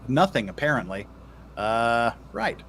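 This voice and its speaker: A man's voice: medium pitch, sing-song, unhurried, a bit bright, slight background noise. A man hosting a casual livestream, reading out super chats and joking with his co-host in playful banter.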